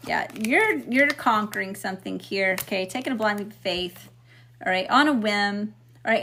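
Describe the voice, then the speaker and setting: A woman's voice: mid-range voice, fairly bright tone. Emphatic woman giving a tarot reading. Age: middle-aged. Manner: emphatic, repeats "okay?" and "right?", swears freely. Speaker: tarot reader. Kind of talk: casual spiritual tarot reading.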